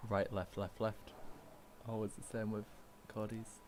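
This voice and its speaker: A man with a Northern English accent chatting calmly over a racing game and reading out setup numbers like a race engineer. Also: on the low side, unhurried, noisy background. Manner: calm, reads out numbers and setup advice. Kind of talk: casual chat while gaming.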